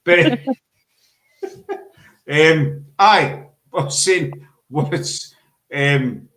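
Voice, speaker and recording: Scottish bloke hosting a chat, rambles and mocks himself, restarts a lot, sounds a bit echoey. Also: male voice, on the high side, very animated, very slow, fairly bright tone. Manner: rambling, self-deprecating, restarts often. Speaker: podcast host. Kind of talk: casual chat. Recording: echoey room.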